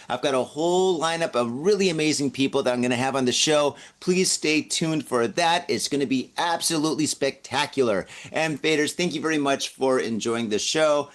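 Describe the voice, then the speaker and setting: A jokey man in his forties hosts a casual news podcast, hungover and full of laughing asides. He chats loosely between stories. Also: medium pitch. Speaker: podcast host.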